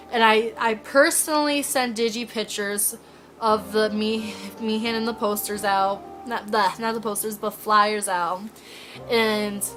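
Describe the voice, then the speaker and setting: Excited, rambling higher-voiced woman vlogger. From Indiana, US. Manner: excited, rambling, heavy use of "like". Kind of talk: casual storytelling vlog.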